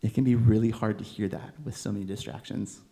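A young man preaching a sermon in a gentle, conversational way, with bursts of emphatic exasperation. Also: fairly low pitch, fairly even intonation, brisk. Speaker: preacher, seminary student.

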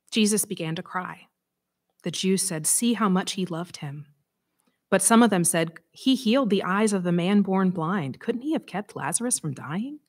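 A woman preacher reading scripture aloud and giving a sermon, conversational and expressive with dramatic emphasis. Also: lowish voice.

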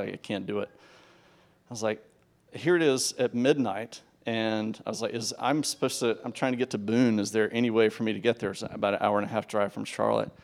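Gravelly-voiced man telling a sermon story. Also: medium pitch. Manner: conversational, with false starts and acted-out dialogue. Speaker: preacher.

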